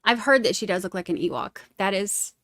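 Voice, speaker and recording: A woman's voice: mid-range voice, fairly quick, fairly bright tone, dry recording. A woman hosting a casual true crime live stream, chatting and reading viewer comments aloud. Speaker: true crime livestream host.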